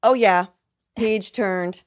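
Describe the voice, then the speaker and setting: A middle-aged woman talks earnestly as a guest on a podcast, sounding reflective and circling back to restart her sentences. Her voice sits at a middling pitch. The sound is dry and close to the mic. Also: slow pace, no room sound. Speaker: guest, singer. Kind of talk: candid conversational interview.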